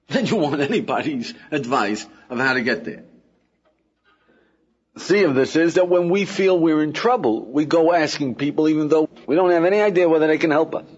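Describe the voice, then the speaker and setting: Here the rabbi's voice sits fairly high with a breathy edge. Chatty and animated, he dramatizes ordinary situations and keeps checking in with the class, asking "right?" and "yeah?" over and over, all captured on a dull, lo-fi recording.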